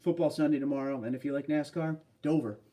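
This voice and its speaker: A man's voice: on the high side, fast, warm tone, distant mic. A man hosting a casual livestream, chatting loosely and answering viewer comments. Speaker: livestream host. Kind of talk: casual live stream chat.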